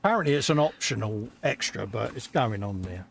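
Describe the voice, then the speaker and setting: A man's voice: on the low side, expressive, a little fast, gravelly, a little hiss or hum. A middle-aged man co-hosting a live hobby stream, easygoing and agreeable, reading out viewer comments between brief replies. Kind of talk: casual chat while building models.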